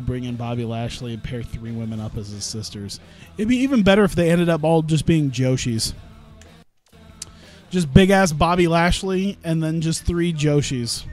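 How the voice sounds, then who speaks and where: A man with a slightly higher-than-average voice rambles through casual commentary on his own gameplay. He often breaks off mid-sentence and chuckles at his own ideas. Soft music plays faintly under his talk. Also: moderate pace. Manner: rambling, self-interrupting, laughs at own jokes. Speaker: gaming streamer.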